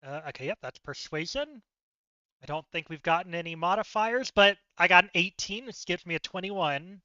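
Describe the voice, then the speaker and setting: Giggly, self-deprecating tabletop player, a man with a high, very bright voice, dry and slightly lo-fi. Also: expressive, moderate pace, smooth, no echo. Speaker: solo campaign player. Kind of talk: casual live-stream tabletop chat.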